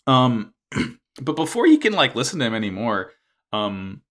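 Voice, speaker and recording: Man, casual chat, rambling, filler-heavy, lively intonation, mid pitch. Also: normal speed. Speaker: podcast co-host recapping an anime.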